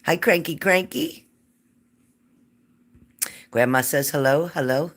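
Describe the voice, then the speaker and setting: A woman's voice: low-pitched, takes it slowly. A woman hosting a live psychic reading stream, chatting casually and greeting viewers by name.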